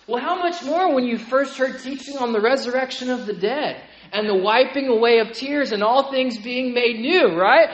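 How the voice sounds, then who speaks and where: A male pastor preaching with animated energy. He stumbles and repeats words as each point builds, and he keeps asking his listeners "right?" to bring them along. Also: very high-pitched, normal speed, few pauses, lo-fi sound. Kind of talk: sermon.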